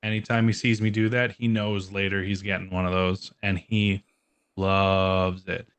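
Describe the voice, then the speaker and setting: A man's voice: sits low, level tone, moderate pace, fairly bright tone, clear, resonant tone. A young man chatting casually on a podcast, loose and rambling, full of "like" fillers, laughing easily. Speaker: guest, metal band musician and dog owner.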